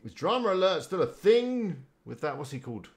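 A man's voice: high voice, very animated, fairly quick, gravelly. A man chatting casually on a live stream, rambling and greeting viewers by name. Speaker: live-streaming website builder.

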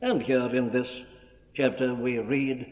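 An older man preaching a formal, emphatic sermon in a church, reading scripture in measured tones. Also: mid-range voice, flat delivery. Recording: echoey hall on a tinny old archive recording.

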